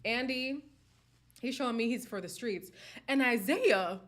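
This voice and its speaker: A woman's voice: on the high side, a little slow, a bit bright, slight background noise. Chatty young woman hosting a live-stream. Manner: chatty and candid, with frequent laughs and "like" fillers. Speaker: host of a live reality-show chat stream. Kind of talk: casual live-stream chat reacting to viewers.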